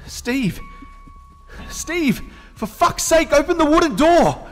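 A panicked young guy trapped in a horror story, frantic high shrieking pleas, slow desperate words, long reverb with music underneath. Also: big pitch swings, exaggerated voice. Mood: frantic pleading. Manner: frantic, pleading shouts. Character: terrified young man screaming to be freed.

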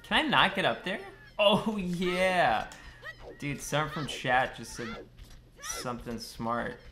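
A man's voice: medium pitch, huge pitch swings, normal speed. A young man streaming a video game, swearing and joking sarcastically with his chat in loose, casual commentary. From United States. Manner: swearing, sarcastic, chatting with viewers. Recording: game music playing behind. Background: game music.

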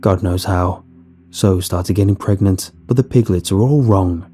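A man's voice: low voice, unhurried, warm tone, breathy edge. A man voicing a despairing old male farmer who grumbles bitterly, in a horror story reading.

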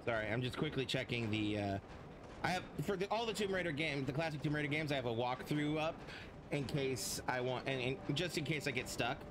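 A man's voice: medium pitch, brisk, noisy background. A man casually commenting on his gameplay as a streamer, rambling and swearing freely.

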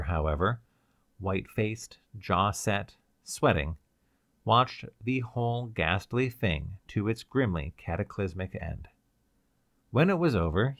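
A man narrating an audiobook in a steady storytelling voice with a lively melody. The sound is close and dry, with no room around it. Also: on the low side, creaky, no room sound.

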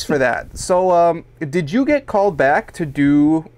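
Smooth-voiced male podcast host. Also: on the high side, animated, measured pace, darkish tone. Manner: eager fan, filler-heavy. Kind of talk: casual podcast interview.

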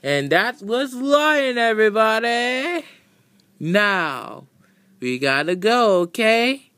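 A woman's voice: fairly high pitch, very animated, slow pace, a bit bright, no room sound. A woman hosting a homemade toy video, announcing like a playful showman.

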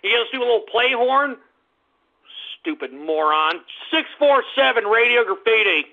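A man hosting a call-in radio show, abrasive and yelling insults at his callers, heard with a tinny lo-fi sound. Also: extremely high pitch, expressive, moderate pace, vocal fry. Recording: tinny lo-fi phone-line sound.

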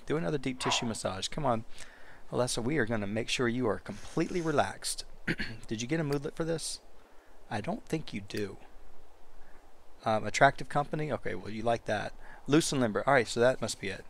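A man's voice: medium pitch, a little fast, vocal fry, slight background noise. A man giving casual let's play commentary, chatty and talking directly to his game characters.

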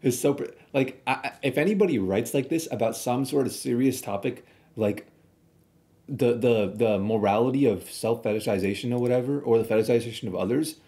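A man talks through a reaction stream in a loose, rambling way, blunt and argumentative. His voice is mellow and dark, sitting at an ordinary pitch for a man. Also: a little fast. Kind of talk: casual reaction commentary.

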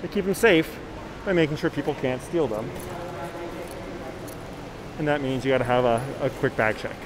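A man's voice: mid-range voice, animated, normal speed, crowd noise, poor audio. A man giving a live-streamed walking tour as a guide, talking casually and reading viewer comments aloud while he walks. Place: inside a library, then outdoors on a city street.

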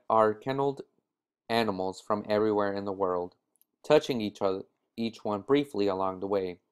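A man with a low voice reads a short story aloud at a measured pace. He now and then stumbles and restarts a word, then carries on steadily. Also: clean tone. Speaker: reader.

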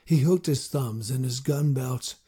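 A man's voice: mid-range voice, unhurried, warm tone, breathy edge. A man earnestly narrating a first-person fantasy audiobook.

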